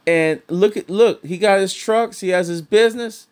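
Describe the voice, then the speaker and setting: A man's voice: high-pitched, moderate pace, noisy background. A middle-aged man giving blunt, heated, profane commentary, often repeating himself. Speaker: commentator reacting to clips.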